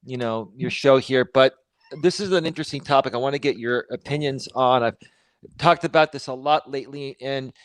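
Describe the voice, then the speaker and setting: A man speaking as a guest on a casual livestream panel, talking in a measured, careful way with some hedging. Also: medium pitch, no echo. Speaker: guest streamer.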